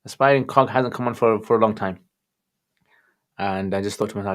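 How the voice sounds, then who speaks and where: Brief: man with a Birmingham accent, livestream Q&A host, lowish voice, chatty and informal, greets viewers by name. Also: fairly even intonation, quick pace. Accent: Birmingham English. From England. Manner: chatty, greets viewers warmly by name, mixes in Arabic phrases. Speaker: livestream Q&A host answering religious questions. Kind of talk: casual livestream chat reading viewer questions.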